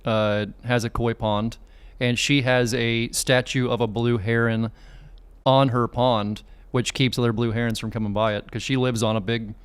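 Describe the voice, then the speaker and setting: A podcast host in casual chat, joking with quick asides and frequent laughter. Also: mid-range voice, little pitch movement, clear, resonant tone, no room sound.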